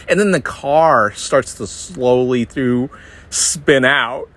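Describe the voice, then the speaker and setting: A man from the Northeastern United States hosting a podcast, telling stories in a rambling, self-deprecating way and jumping into high mocking voices when he quotes others. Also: slow, fairly bright tone. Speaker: podcast host. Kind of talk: casual comedic monologue.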